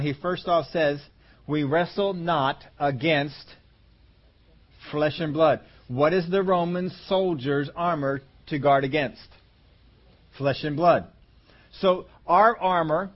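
A man preaching a conversational Bible-teaching sermon, slowing down and stretching key words for emphasis. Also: on the high side, dull audio. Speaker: pastor.

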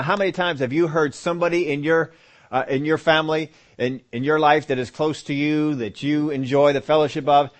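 A man preaching a sermon, reading scripture aloud and explaining it with slow, emphatic repetition. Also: fairly high pitch.

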